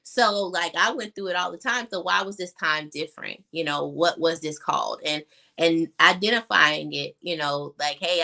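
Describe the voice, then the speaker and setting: Fairly low-pitched and gravelly, yet bright and forceful, this young adult woman's voice carries her personal story as a guest on a video call. She's candid and filler-heavy, choking up at certain points.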